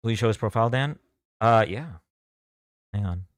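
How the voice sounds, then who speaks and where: A man's voice: lowish voice, normal speed, no echo. Chatty male livestream host, dry close sound. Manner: chatty, thanks donors, reads chat aloud. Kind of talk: casual livestream chat.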